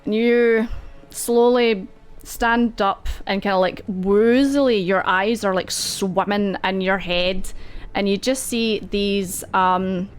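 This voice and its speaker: A woman running a tabletop horror game, narrating slowly and unhurriedly. She rambles along with fillers and little asides, her pitch sitting in an ordinary middle range. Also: fairly even intonation, clean tone, faint music behind. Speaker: game master.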